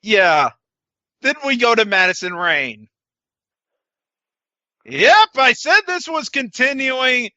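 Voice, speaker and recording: A man's voice: very high voice, expressive, takes it slowly, long pauses, bright, forceful tone, no room sound, dull audio. A man co-hosting a podcast, recapping wrestling in casual chat with a sarcastic, swearing manner. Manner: sarcastic, swears, quotes wrestlers in put-on voices. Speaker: podcast co-host.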